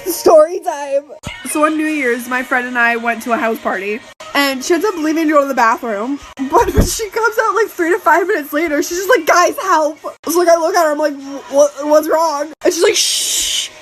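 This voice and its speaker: A woman's voice: sits high, lively intonation, a little fast, rough recording. A woman telling a casual storytime about a party, chatty and giggly, acting out her panicked friend. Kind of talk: casual storytime to phone camera.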